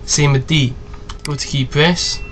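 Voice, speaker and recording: Brief: young man in his twenties, higher pitch, casual swearing tutorial host, faint background hiss. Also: fairly even intonation, a little slow. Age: 20s. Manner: chatty, rambling, swears freely. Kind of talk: casual screen-recorded tutorial.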